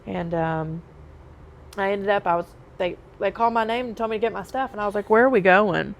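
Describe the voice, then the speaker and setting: A woman guest on a podcast candidly recounts her life story, her medium-pitched voice brisk and fairly even in intonation. She talks conversationally, often saying "um" and "like."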